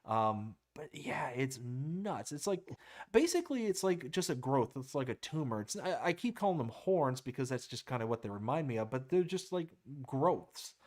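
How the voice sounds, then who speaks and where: A man's voice: medium pitch, sing-song, normal speed, darkish tone. Easygoing man reading stream chat. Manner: easygoing, laughs often, reads chat aloud. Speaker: live stream host. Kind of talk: casual chat reading viewer comments.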